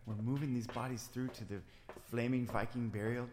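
A man's voice: mid-range voice, steady tone, brisk, noisy background, lightly acted. A man doing a haughty Scandinavian guard, indignant and formal, in a long echoey reverb. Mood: earnest. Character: pompous Scandinavian male security guard running burials. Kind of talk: improvised comedy audio drama.

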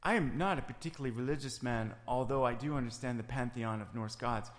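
Scandinavian accent, man playing a pompous security guard, indignant tone, middle pitch, echoey reverb. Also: fast talker, natural voice. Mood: uneasy. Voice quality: haughty, indignant, formal phrasing. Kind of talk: improvised comedy audio drama.

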